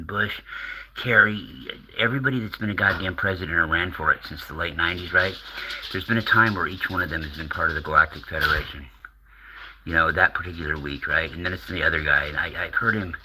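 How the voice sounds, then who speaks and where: A man's voice: low-pitched, fairly quick, pushed and bright, husky, low-quality recording. A middle-aged American man rambling casually as a channel host, swearing and laughing often.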